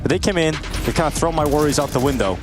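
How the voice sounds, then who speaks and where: A man commentating a competitive video game match as caster, calling plays that rise in excitement on big moments, then chatting analysis with his co-caster. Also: a little high, quick pace, over music. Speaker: esports caster.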